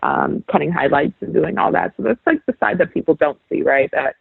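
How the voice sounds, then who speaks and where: A young woman from New York City talks through a guest interview in a chatty way, full of fillers and restarts. Her voice is husky with some gravelly fry. It comes through a thin, phone-like line. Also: deep voice, expressive, brisk, dry recording. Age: young adult. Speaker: guest, sports reporter. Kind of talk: casual interview chat.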